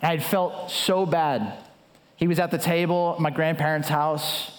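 High-voiced animated male pastor. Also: measured pace. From United States. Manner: animated storyteller with repeated restarts. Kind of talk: sermon with storytelling.

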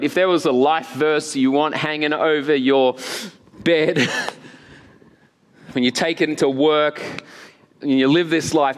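A man's voice: on the high side, a little slow, long pauses. A man from Australia with an Australian accent, preaching a sermon and telling stories with animation and frequent laughter. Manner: storytelling, animated, laughs often. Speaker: pastor. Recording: long hall reverb.

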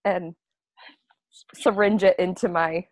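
A woman plays a shy woman whose head sits in a glass dome, speaking hesitantly with frequent ums. She talks slowly in a dry, close sound. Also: lowish voice, fairly even intonation, no echo. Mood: amused. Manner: hesitant, many ums, giggly.

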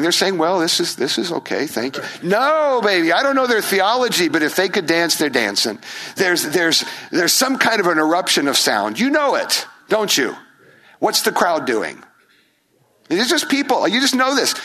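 A male pastor delivers an animated sermon in a voice that sits high, asking his congregation rhetorical questions and acting out the voices of a crowd.

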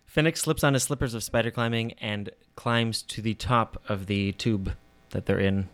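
A man's voice: lowish voice, steady tone, normal speed, fairly bright tone, clear, resonant tone, no echo. A man playing a tabletop game, chatty and joking. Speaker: player. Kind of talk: casual tabletop play.

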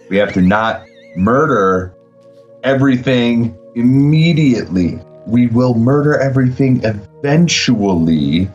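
A man's voice: on the low side, darkish tone, muffled recording. A man playing a tabletop role-playing game, brash and profane. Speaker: player.

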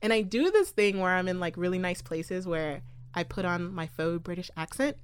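A woman's voice: fairly low pitch, moderate pace, a little hiss or hum. A young woman co-hosting a podcast, chatting casually with fillers and frequent laughter. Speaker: podcast co-host. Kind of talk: casual chat.

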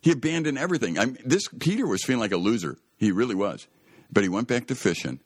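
A man's voice: mid-range voice, very animated, fast talker, breathy edge, dry recording, studio quality. A man hosting a Christian radio talk show, telling a Bible story in an earnest, emphatic way that often rises to exclaim.

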